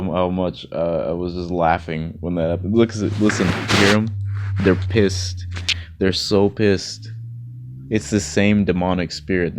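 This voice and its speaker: A man's voice: low-pitched, a little mellow. A man talking in a casual, rambling monologue of encouragement, repeating words and chuckling often. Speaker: vlogger.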